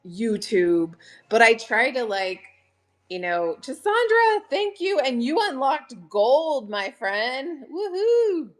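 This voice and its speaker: A middle-aged woman hosting a chatty live selling stream, bubbly and greeting viewers by name with excited gasps. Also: medium pitch.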